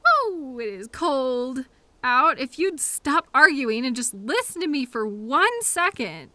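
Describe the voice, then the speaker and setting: A woman's voice: high voice, very animated, slow pace, bright, forceful tone, dry recording. A young woman performing a scripted audio role-play as a coworker who finds the listener in a blizzard, fussy and scolding, then apologetic, with quirky mild exclamations.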